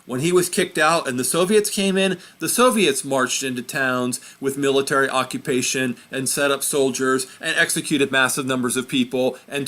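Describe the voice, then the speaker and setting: A man's voice: mid-range voice, a bit bright. Casual man teaching history. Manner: conversational, self-correcting, points at a map. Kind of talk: informal history lesson.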